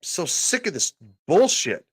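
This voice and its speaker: A man hosting a podcast, loudly yelling and swearing through a political rant. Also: a little high, very animated, a little slow, husky. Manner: loud, profane, yelling. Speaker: podcast host. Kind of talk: ranting political commentary.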